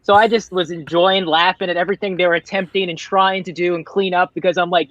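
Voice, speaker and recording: High-voiced man ranting profanely. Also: little pitch movement, fast, hardly any pauses, fairly bright tone, no echo. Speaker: podcast panelist. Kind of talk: casual chat. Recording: dull lo-fi dry recording.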